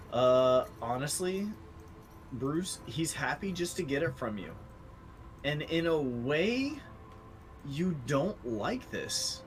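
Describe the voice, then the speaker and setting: A man's voice: mid-range voice, rough recording. A man narrating as game master of a tabletop game, casual and swearing freely.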